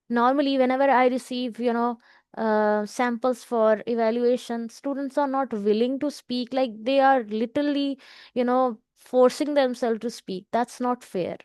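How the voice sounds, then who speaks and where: A woman's voice: fairly high pitch, mellow, smooth, no echo, clean studio sound. A woman teaching a speaking lesson, explaining with many "you know" fillers. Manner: explanatory, frequent "you know" fillers, mixes in Hindi words. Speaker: PTE speaking tutor. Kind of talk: online lesson.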